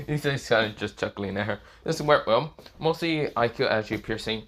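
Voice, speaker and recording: A man's voice: mid-range voice, fast, few pauses, fairly bright tone. A young man improvising a fan-fiction story in casual narration. He rambles, leans on fillers, and swears freely.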